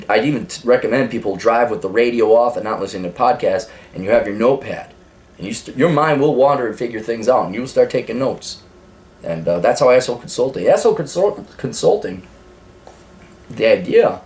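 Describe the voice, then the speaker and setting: A man's voice: mid-range voice, lively intonation, fairly quick, darkish tone. A man hosting a podcast, giving blunt, rambling, profane advice with frequent laughs.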